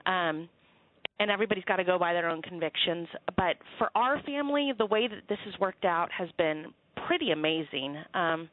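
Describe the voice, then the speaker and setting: A woman's voice: fairly low pitch, lively intonation, normal speed, dry recording. A woman in her thirties, a guest author calling in, chatty and joking with fillers. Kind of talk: phone interview. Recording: dry tinny phone line.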